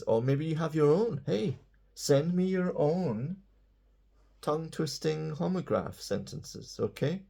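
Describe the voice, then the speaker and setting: A man's voice: mid-range voice, vocal fry, mellow. A man giving a casual, playful English lesson, chatty and self-mocking. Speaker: English teacher.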